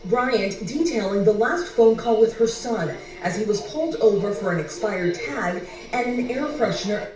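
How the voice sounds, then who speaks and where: A woman reporting the news in a crisp broadcast delivery. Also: mid-range voice, lively intonation, normal speed, hardly any pauses, darkish tone. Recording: echoey, distant playback with crowd.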